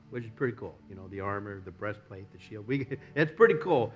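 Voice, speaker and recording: An American man preaching a sermon as a pastor, swinging from loud exhortation to near-whispers. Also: lowish voice, expressive, normal speed, hardly any pauses, slightly rough, soft background music.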